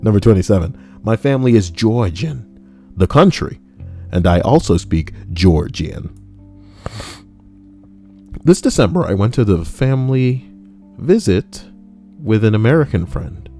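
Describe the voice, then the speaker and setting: With faint guitar music in the background, a low-pitched, animated man reads posts casually for his stream, at a measured pace and pausing often. The reddit story reader keeps up jokey asides, swears, and breaks into laughter and mock voices throughout his live commentary.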